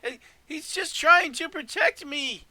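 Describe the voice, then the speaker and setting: A man voicing a frightened little gnome, yelling in a high frantic voice. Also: unhurried, no echo, exaggerated voice. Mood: panicked. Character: frightened gnome, small, pleading.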